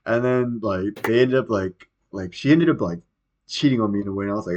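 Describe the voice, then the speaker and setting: A man's voice: lowish voice, quick pace, dull audio. A young man hosting a podcast, telling a story in a rambling, profane, casual way with plenty of fillers. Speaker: podcast host.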